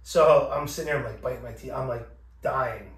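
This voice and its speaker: A man's voice: medium pitch, fairly quick, a crowd in the background. Profane man telling a story in an echoey room. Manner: profane, animated, acting out both sides of the exchange. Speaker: podcast host. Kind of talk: casual storytelling. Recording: echoey room, distant from mic.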